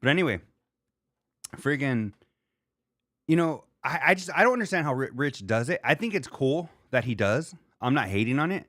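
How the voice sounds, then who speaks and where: A man's voice: medium pitch, expressive, normal speed, long pauses, fairly bright tone, no echo. Rambling, dry-voiced man hosting a livestream. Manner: loose and rambling, swears casually. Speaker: livestream host. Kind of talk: casual solo livestream chat reading viewer comments.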